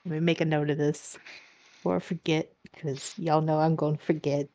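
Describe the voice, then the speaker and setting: A woman co-hosting a podcast in casual banter, with unhurried, dry teasing. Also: low voice, flat delivery, warm tone. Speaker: podcast co-host.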